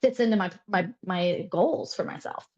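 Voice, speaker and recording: A woman in her thirties chats as an interview guest, lively and quick to laugh, her stories full of fillers. Her pitch sits in a middle range. The recording is a bit muffled and lo-fi. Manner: animated, laughing storyteller with many fillers. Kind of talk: casual chat.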